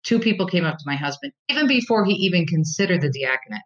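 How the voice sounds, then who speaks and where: An American woman, a Catholic talk show host, telling her story as a guest in a conversational interview, animated and restarting her sentences often. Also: on the low side, fast talker, dull audio. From United States. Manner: animated storyteller, repeats words when starting sentences.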